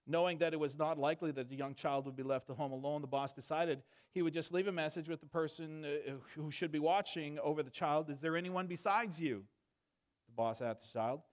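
A man in his thirties preaching a sermon, moving between quiet storytelling and fervent emphatic preaching. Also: medium pitch, fairly quick. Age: 30s.

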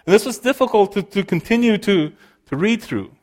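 Earnest preacher, a man with a higher voice. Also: lively intonation, brisk, a little mellow. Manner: earnest, explanatory, often restarting phrases. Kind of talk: sermon.

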